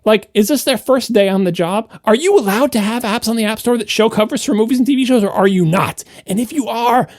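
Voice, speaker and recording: A man's voice: high voice, a little fast, hardly any pauses, dry recording, studio quality. A man co-hosting a tech podcast in casual chat, ranting indignantly and with a lot of energy. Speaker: podcast co-host.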